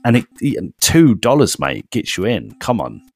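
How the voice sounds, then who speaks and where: Animated man, lively pitch. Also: normal speed, creaky, breathy edge, dry recording. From United Kingdom. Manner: playful, animated. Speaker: podcast co-host. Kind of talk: casual chat. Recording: faint music behind.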